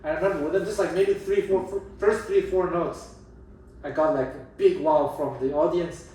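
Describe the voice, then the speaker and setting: A man's voice: a little high, normal speed, slight background noise. Emphatic man in a roomy echo. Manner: animated, emphatic, restarts mid-sentence. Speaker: jazz guitar teacher and channel host. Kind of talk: casual talk on music teaching. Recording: roomy echo, distant mic, faint ambience.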